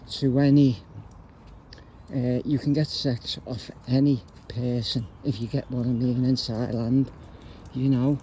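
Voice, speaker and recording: A blunt, rambling man talks into his phone while strolling outside. His voice sits at an ordinary middle pitch, and clear traffic and street noise run behind him. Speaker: YouTuber. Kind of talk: casual vlog rant while walking. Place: outdoors on a street.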